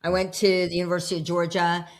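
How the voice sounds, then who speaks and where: A woman's voice: lowish voice, completely flat delivery, fast. A woman in her fifties, a personal development coach, telling her story in a casual interview at home and acting out the dialogue. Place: home with dogs around.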